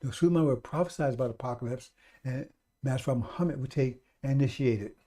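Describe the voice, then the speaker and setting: Mellow-voiced emphatic male radio preacher. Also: mid-range voice, quick pace. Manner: emphatic and repetitive, speaking straight to listeners. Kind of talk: radio sermon.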